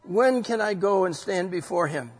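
A man preaching a sermon and reading scripture aloud, swinging between loud declaring and quiet, reflective reading. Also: sits high, animated, moderate pace, breathy edge. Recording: long hall reverb.

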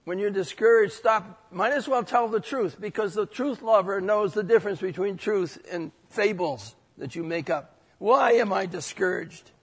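A man preaching a sermon and reading scripture aloud, swinging between loud declaring and quiet, reflective reading. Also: sits high, moderate pace, hardly any pauses, slightly rough. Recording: long hall reverb.

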